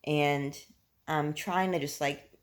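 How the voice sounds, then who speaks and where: Casual vlogger: woman in her twenties, low voice, tired, candid and chatty, dry close recording. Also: steady tone, slow, no room sound, rough recording. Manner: chatty and candid, with frequent fillers. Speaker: vlogger and teacher. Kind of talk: casual vlog chat.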